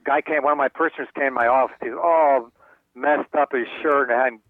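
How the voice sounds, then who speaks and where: An older man tells his stories with relish, slipping into high voices for the people he quotes. The sound is thin and phone-like, and the room is dry. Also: fairly quick, no echo. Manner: animated storyteller acting out quoted voices. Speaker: author and guest. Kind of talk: storytelling interview answers. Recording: tinny phone line, dry.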